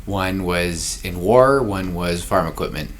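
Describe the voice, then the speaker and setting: A man hosting a podcast, pitching story ideas in a rambling casual chat with frequent laughs. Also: measured pace, slight background noise. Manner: rambling, laughs often, acts out scenes.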